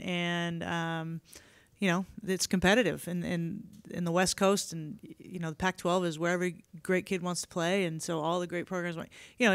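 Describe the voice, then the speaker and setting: A woman coach fields questions at a podium, talking in a loose, candid way full of fillers. Her voice is smooth and resonant and keeps a fairly flat pitch. The sound is dry and close. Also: no echo. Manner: relaxed, candid, many fillers. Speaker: head coach. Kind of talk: press conference answers. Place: media day podium.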